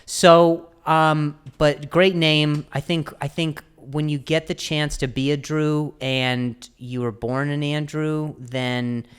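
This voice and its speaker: Halting, playful male podcast host. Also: on the high side, little pitch movement, clean tone. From United States. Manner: halting, many restarts, playful riffing. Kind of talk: casual comedic chat.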